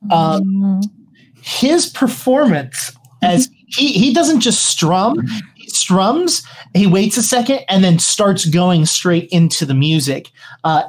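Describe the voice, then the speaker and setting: A woman's voice: medium pitch, sing-song, takes it slowly, a little mellow. A woman running a tabletop game as game master, describing scenes hesitantly with lots of fillers.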